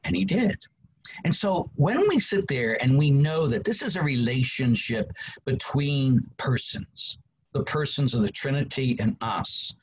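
Animated priest in his sixties. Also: slightly rough, highs cut off. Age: 60s. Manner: animated preacher, acts out quotes with big pitch jumps. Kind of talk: storytelling in a podcast interview.

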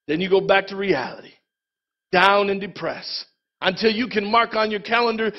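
A man pastor preaching a sermon in a lively, conversational way, calling out to his congregation. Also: high-pitched, a little slow, long pauses, muffled recording.

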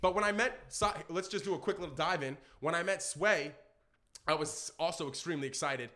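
Bright, animated New York storyteller man. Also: fairly high pitch, a little fast. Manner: animated storyteller, acts out quotes loudly. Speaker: podcast guest. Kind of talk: casual storytelling chat.

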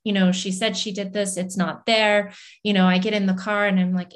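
Woman, podcast host, reflective, conversational, mid pitch. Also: flat delivery, fairly quick. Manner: reflective, speaks with fillers. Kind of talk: conversational interview.

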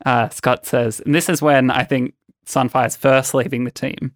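A man's voice: mid-range voice, fairly even intonation, unhurried, no room sound, studio quality. A man co-hosting a podcast, chatting casually about comics and laughing often. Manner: chatty, laughs often, reads panels aloud. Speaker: podcast co-host.

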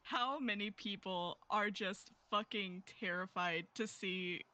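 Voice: medium pitch, slow, bright, forceful tone. A player in a tabletop game who speaks playfully and politely in character. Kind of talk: tabletop role-play.

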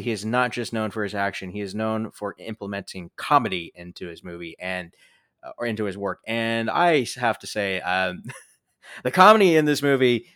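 A man co-hosting a casual movie review chat, animated, swearing freely and filling gaps with "like" and "um". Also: on the low side, no room sound, clean studio sound. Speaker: podcast co-host.

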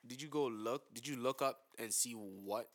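A man's voice: medium pitch, normal speed. A man co-hosting a podcast in casual chat, blunt and heated, with many fillers and stammered restarts. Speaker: podcast co-host.

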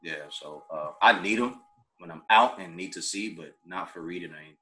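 A man's voice: sits low, fairly quick, pushed and bright. A man in a laid-back casual chat over a remote call, often repeating himself and saying "you know what I mean.".

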